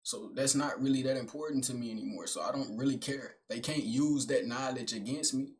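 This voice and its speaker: A calm, reasoning inner self speaks low and quietly, weighing each question in a measured way, as a young man puts it on. It sounds restrained and soft, like someone thinking aloud. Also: lightly acted.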